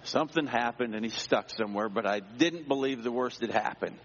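A male pastor telling a personal story in a sermon, dramatic, dropping to a hush and rising again. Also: mid-range voice, a little fast. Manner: dramatic, swings between hushed and raised voice. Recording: dull sound with long hall reverb.

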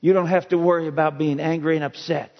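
A man preaching a sermon, slow and emphatic, with dramatic pauses. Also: a little high, fairly even intonation, gravelly. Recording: dull audio with long hall reverb.

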